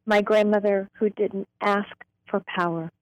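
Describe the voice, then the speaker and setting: Slow, deliberate woman reading poetry. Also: medium pitch, steady tone, no room sound, poor audio. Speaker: poet guest. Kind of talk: reading her own poetry aloud.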